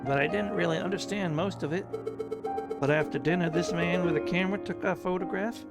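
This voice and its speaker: This is a sheltered young bird lady of high birth, chatty and innocent. A man performs her with a thin French accent, reading a game's script over loud music behind. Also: a little fast. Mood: naive, chatty. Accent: put-on French. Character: young noble bird lady, sweet and naive.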